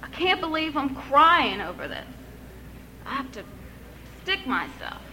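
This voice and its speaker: A woman's voice: high voice, sing-song, measured pace, sharp tone, slight background noise, poor audio. A woman in her thirties giving an earnest, emotional personal testimony, with touches of wry humor. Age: 30s. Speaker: speaker sharing her recovery story.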